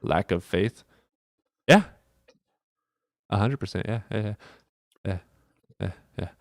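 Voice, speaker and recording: A man streamer in casual livestream chat, reading and answering chat questions in a rapid, profane, offhand way. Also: on the low side, dry recording, clean studio sound.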